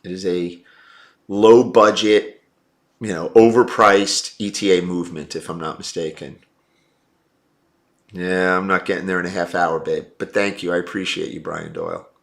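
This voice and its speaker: Blunt low-voiced man chatting on a livestream. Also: fairly even intonation, normal speed. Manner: blunt, opinionated, calls viewers brother. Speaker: livestream host. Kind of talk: casual livestream chat reading comments.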